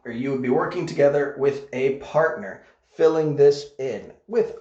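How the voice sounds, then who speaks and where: A man's voice: medium pitch, measured pace, a little mellow. A man teaching an online English grammar lesson, modeling example sentences carefully and checking in with "okay?" as he goes. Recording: echoey room, dull lo-fi sound.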